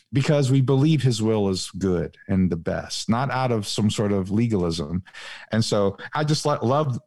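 A man co-hosting a casual faith podcast, animated and acting out little dialogues with God. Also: on the low side, creaky, no echo, clean studio sound. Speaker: podcast co-host.

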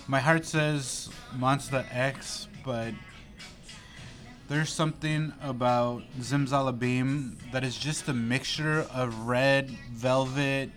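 A man's voice: medium pitch, a bit bright. A man co-hosting a casual chat in a restaurant, playful and teasing as he argues his point. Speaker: podcast co-host.

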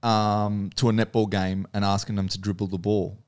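Man, low voice, host, casual interview, rambling questions. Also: level tone, moderate pace, darkish tone, smooth. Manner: loose, rambling questions with many fillers.

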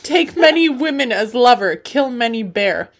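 A woman voicing a boastful, middle-aged Russian immigrant man, speaking loud broken English in a put-on Russian accent. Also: a little high, lively intonation, moderate pace.

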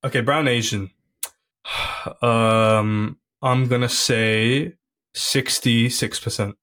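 A man's voice: medium pitch, fairly even intonation, slow, a bit bright. Laid-back guy with easy laughs. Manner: laid-back, laughs easily, says "man" and "bro". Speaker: comedian guest. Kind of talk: casual podcast chat.

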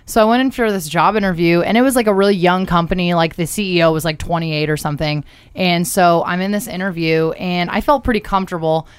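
A young woman co-hosting a podcast, telling a story in a lively, blunt way. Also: on the low side, fast, clean tone, no room sound. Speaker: podcast co-host. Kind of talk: casual storytelling.

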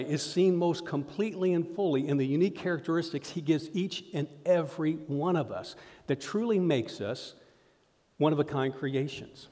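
A man preaching a lively sermon to his congregation, often calling them folks. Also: on the high side. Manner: energetic preaching, addresses crowd as folks. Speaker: pastor. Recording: reverberant hall sound.

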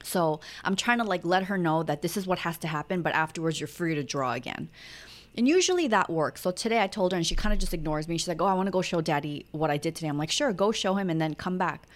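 A woman's voice: on the low side, expressive, fast talker. Candid chatty mother telling stories. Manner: candid, chatty storytelling with acted-out quotes. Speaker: podcast co-host. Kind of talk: casual chat.

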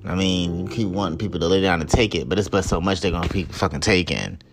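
Angry, profane man ranting low. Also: fast talker. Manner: heated, profane, rising to shouts of outrage. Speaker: podcast host. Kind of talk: angry solo commentary.

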